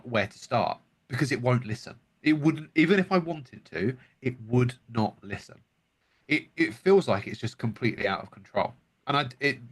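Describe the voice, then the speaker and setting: A man's voice: mid-range voice, fairly bright tone, husky. A man co-hosting a podcast, speaking hesitantly with frequent restarts in casual chat. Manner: hesitant, halting, restarts often. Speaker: podcast co-host.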